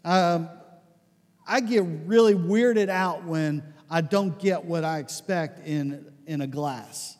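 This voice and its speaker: Male pastor, conversational sermon, animated storytelling, high-pitched, long hall reverb. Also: takes it slowly.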